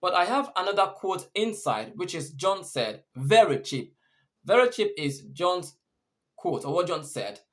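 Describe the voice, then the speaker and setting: A man's voice: sits high, big pitch swings, unhurried, fairly bright tone. A man teaching English punctuation, patiently repeating and rephrasing each point. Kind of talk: explaining punctuation rules.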